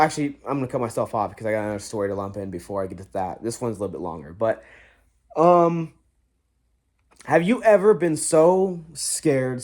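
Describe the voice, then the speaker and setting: A young man telling a spooky story from his own life, rambling and swearing freely. His voice sits at an ordinary middle pitch. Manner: profane, rambling, animated. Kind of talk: casual storytelling to camera.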